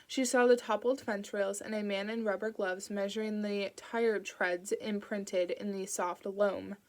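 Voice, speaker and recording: A woman reading a novel aloud in a steady, even voice. Her pitch sits in a middle range, and she narrates at a calm pace. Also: a little slow. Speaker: audiobook reader. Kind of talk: audiobook narration.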